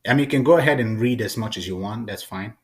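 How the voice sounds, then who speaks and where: A man hosting a casual, chatty software tutorial. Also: fairly low pitch, quick pace. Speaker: tutorial host.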